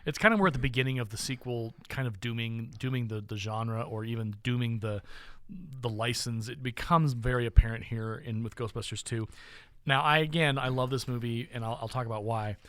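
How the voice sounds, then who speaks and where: Man, podcast co-host, casual chat, enthusiastic, rambling, forceful bright voice, dry recording. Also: medium pitch, fairly even intonation, a little fast, no room sound. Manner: enthusiastic, rambling with many restarts.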